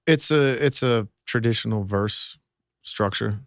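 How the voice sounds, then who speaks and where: A rapper from Minnesota, talking as a podcast guest in a laid-back, loose, profane way. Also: male voice, fairly low pitch, a little slow, dry recording, clean studio sound. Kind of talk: casual chat.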